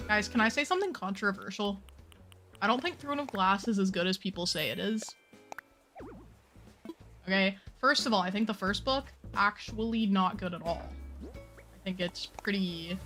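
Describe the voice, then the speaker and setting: A woman chatting casually on a live stream while she plays a game, playful and opinionated, full of quick asides. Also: mid-range voice, fairly bright tone.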